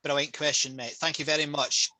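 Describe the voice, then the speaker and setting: A man's voice: on the high side, brisk, a crowd in the background, low-quality recording. A man with a Scottish accent, a public speaker and trainer, talking casually and with passion on a video call over a headset. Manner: passionate, energetic storytelling.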